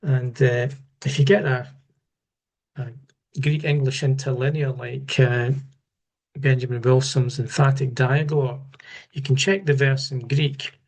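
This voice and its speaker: A man giving an unscripted Bible study lesson, measured and halting, often restarting his words. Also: medium pitch, steady tone, darkish tone. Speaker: Bible teacher.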